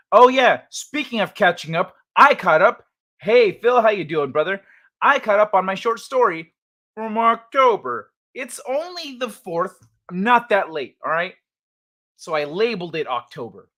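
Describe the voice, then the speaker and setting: Animated, chatty male stream host. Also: high voice, unhurried. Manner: chatty, loose, swears, laughs often, reacts to chat. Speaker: livestream host. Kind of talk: casual live-chat stream.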